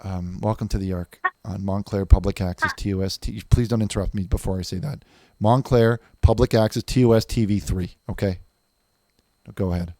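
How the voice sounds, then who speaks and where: A man's voice: fairly low pitch, steady tone, a little fast, warm tone, no echo. A man hosting a comic call-in show, self-righteous and defensive as he lectures his callers.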